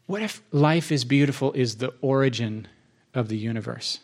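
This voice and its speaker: A man's voice: medium pitch, brisk. A man preaching a sermon in a church, enthusiastic and conversational, often restarting his sentences.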